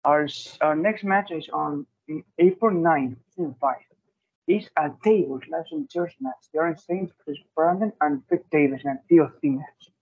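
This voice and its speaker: Husky man on a tinny line. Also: a little high, animated, moderate pace. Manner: brief prompts, lists dates and matches. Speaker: interview host. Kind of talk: interview questions, reading match listings.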